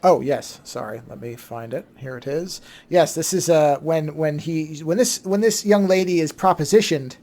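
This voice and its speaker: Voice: medium pitch, normal speed, hardly any pauses, a little mellow. Dry, sardonic podcast co-host. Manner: dry, sardonic, wry asides. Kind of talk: casual movie review chat.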